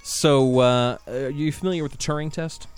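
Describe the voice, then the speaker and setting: A man's voice: on the high side, steady tone, normal speed, clear, resonant tone, soft background music. A man co-hosting a casual podcast, who swears often and rants heatedly. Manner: profane, heated ranting. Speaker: podcast co-host.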